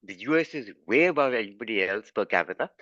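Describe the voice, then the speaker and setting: A man's voice: on the low side, expressive, fast talker, fairly bright tone, no echo. A man in an online class making his point emphatically, repeating figures to drive them home. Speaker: class participant. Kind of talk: argumentative discussion. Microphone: video call. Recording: dull, dry video call audio.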